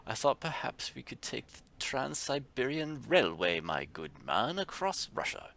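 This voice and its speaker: A man voicing a fancy upper-class gentleman traveler in a game, with a high, posh put-on voice. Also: sing-song, a little slow, vocal fry, heavily acted. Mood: haughty.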